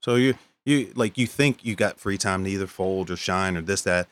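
A man co-hosting a podcast, telling casual stories, animated and profane, often laughing. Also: sits low, normal speed, smooth. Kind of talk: casual storytelling chat.

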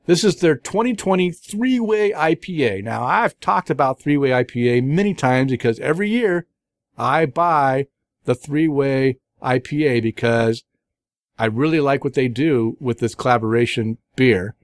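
A middle-aged man talks through his beer reviews in a loose, rambling podcast chat, piling on fillers and restarts. His voice sits at an ordinary middle pitch. He is recorded close up in a very dry space with no room sound. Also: lively intonation, normal speed, dry recording.

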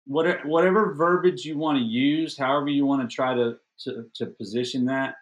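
Here a middle-aged man on a podcast shares a personal anecdote with casual, lively self-deprecation, doubling words whenever excitement takes over. His pitch is medium, his pace moderate, and the recording sounds dull.

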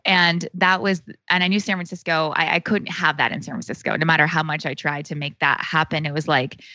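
A woman's voice: deep voice, steady tone, a little fast, pushed and bright, no echo, lo-fi sound. A woman in her thirties, a podcast guest, telling a personal story in a chatty, casual way with lots of fillers. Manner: chatty, heavy use of "like", acts out quoted speech.

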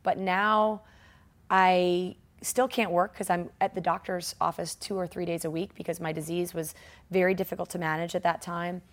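Woman, forties, interview guest; lively storyteller who acts out other people's lines. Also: fairly low pitch, normal speed. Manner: animated, acts out quoted voices, laughs often. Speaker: guest, triathlete.

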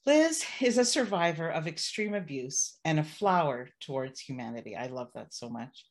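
A woman's voice: deep voice, animated, normal speed. Woman host introducing a guest. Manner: warm, admiring, encouraging. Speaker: podcast host. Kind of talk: interview introduction and questions.

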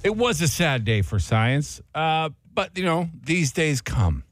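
A man's voice: a little high, sing-song, unhurried, no room sound, clean studio sound, faint music behind. A man hosting a casual radio show, chatting and laughing while he searches for words, and reading a poem aloud.

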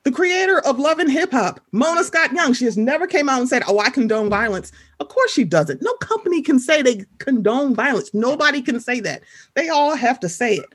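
A woman talking casually on a podcast, her voice a touch husky and fairly high. She tells her stories with big swings in pitch, slipping into other people's voices as she quotes them. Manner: animated, fast storytelling, quoting people in voices. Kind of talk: casual chat.

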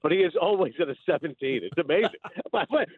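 Animated man on a phone line. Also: a little high, fast, husky, dry recording. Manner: animated storyteller, laughs often. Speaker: hockey broadcaster and guest. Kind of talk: phone-in radio interview.

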